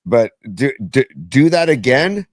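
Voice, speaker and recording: A man's voice: mid-range voice, big pitch swings, a little slow, no echo. A man co-hosting a casual sports podcast, sounding weary and frustrated, often restarting his sentences. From San Francisco Bay Area. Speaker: podcast co-host.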